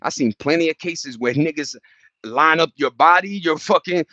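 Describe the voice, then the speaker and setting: A man holds forth on a casual livestream, cursing freely and slipping into quick impressions of other people. His voice sits a little high for a man. The sound is dull and dry, like a phone recording made outdoors. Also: dry recording. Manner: animated, profane street slang, acts out quotes. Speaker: livestream host.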